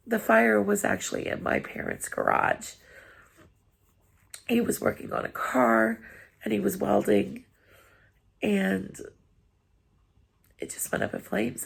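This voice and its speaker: A woman's voice: medium pitch, vocal fry, breathy edge. A woman vlogger, tearful after crying, talking earnestly and apologetically to her viewers, encouraging them. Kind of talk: heartfelt personal vlog talk.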